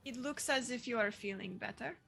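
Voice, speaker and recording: A woman's voice: fairly high pitch, brisk, creaky, a bit bright, husky, soft background music, heavily acted. A woman voicing a cocky, poised young woman rogue with formal, courteous phrasing in a tabletop role-play. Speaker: player.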